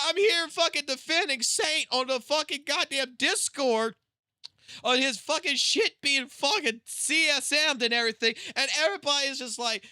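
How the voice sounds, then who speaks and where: Man, live streamer, high voice, animated pitch, swears a lot, rambling late-night rant. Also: no echo, studio quality. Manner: profane, rambling, restarts sentences.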